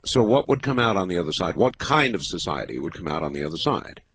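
A man with a low, husky voice hosts a late-night call-in radio show from a studio mic. He talks in a measured, halting way, pausing often as he takes calls. The sound is close and dry. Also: big pitch swings, a bit bright, no room sound. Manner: measured, halting, with many pauses. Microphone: studio microphone.

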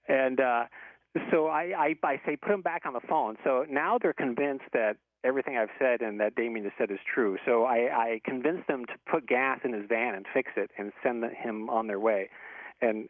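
A man's voice: medium pitch, no room sound. Rambling storyteller man, tinny phone sound. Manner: rambling, with many restarts and fillers. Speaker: professor telling a story. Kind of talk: casual storytelling.

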